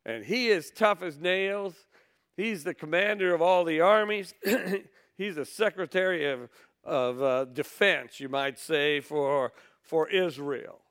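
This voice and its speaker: Man, sermon, folksy and blunt, slightly high voice, smooth and resonant. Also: slow, a bit bright. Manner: folksy, blunt Bible teaching with scripture reading. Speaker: preacher.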